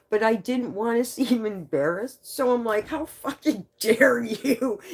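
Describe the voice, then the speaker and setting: A woman's voice: mid-range voice, slightly rough. A woman livestreaming, telling casual stories full of swearing and laughing often through her words. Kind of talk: casual storytelling on a live stream.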